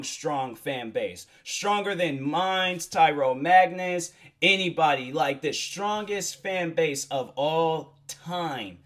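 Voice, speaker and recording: A young man hosting a solo podcast, talking in a casual, rambling, earnest way with many fillers and restarts. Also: fairly high pitch. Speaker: podcast host.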